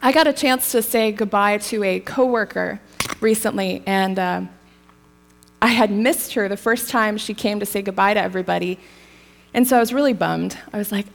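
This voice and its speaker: A woman's voice: mid-range voice, fairly quick. A woman preaching a sermon in a casual, storytelling way, laughing lightly now and then.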